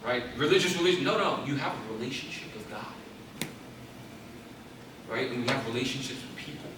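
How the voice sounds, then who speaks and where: A man's voice: medium pitch, expressive, fairly quick, recorded from a distance, noisy background. A young man giving an intense, preacherly Christian talk to an audience in a large hall, building to emphatic exhortations. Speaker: guest speaker. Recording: very echoey hall, voice off-mic.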